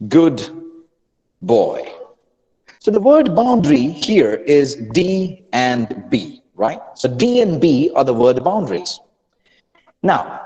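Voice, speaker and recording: A man's voice: a little high, in a large hall. A man teaching pronunciation in an online lesson, coaxing his students and often restarting his sentences. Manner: animated, coaxing, with repeated restarts. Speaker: accent and pronunciation trainer.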